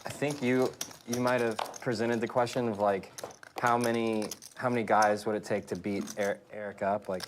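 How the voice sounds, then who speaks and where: A man's voice: fairly low pitch, flat delivery, normal speed, background noise. A man co-commentating a poker stream, chatting casually and rambling hesitantly through his stories.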